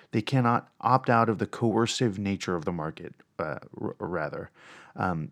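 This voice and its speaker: A man's voice: fairly low pitch, no room sound, studio quality. A man hosting a casual monologue podcast, rambling and swearing with lots of ums and uhs. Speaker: podcast host.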